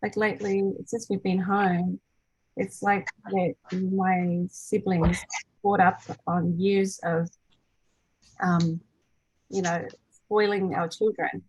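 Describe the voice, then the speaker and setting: Chatty woman hosting a group call, husky. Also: mid-range voice, little pitch movement, slow, poor audio. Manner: chatty, many fillers and restarts; acts out quoted voices brightly. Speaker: meeting host, energy healer. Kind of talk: casual group call talk.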